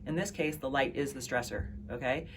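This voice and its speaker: Low-pitched woman, chatty health practitioner talking straight to camera, faint background hum. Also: brisk. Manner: conversational, chatty, asks "right?" and "okay?" often. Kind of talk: casual health talk to camera.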